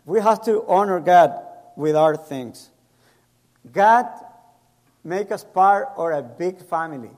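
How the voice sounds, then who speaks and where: High-voiced pastor preaching in an echoey hall. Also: male voice, expressive, slow pace, pauses often, a little mellow. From El Salvador. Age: middle-aged. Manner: storytelling, acts out quoted voices, non-native grammar. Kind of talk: sermon with personal stories.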